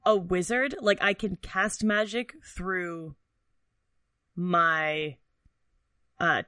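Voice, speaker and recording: A tabletop game player who is excitable, swearing and blurting out reactions. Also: medium pitch, very slow, no echo, studio quality. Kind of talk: casual tabletop game play.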